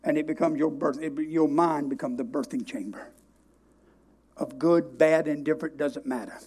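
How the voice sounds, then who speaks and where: A man preaching a sermon, telling a story with emphatic, drawn-out stresses. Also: on the high side, a little mellow, slight background noise.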